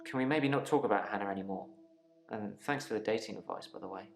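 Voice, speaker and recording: An actor playing a subdued, regretful patient in a video game, with acted dialogue. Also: male voice, lowish voice, fast talker, vocal fry, echoey room, faint music behind.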